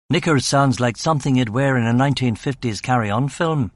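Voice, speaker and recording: A man's voice: medium pitch, brisk, hardly any pauses, no room sound. A man narrating a crime novel in the first person, with a dry, wry delivery. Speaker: audiobook narrator.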